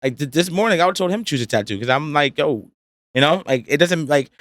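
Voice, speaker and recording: A man's voice: a little high, lively intonation, a little fast, fairly bright tone, dry recording, clean studio sound. A young man, a podcast guest chatting casually in a laid-back, slangy, rambling way. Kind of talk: casual chat. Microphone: studio podcast mic.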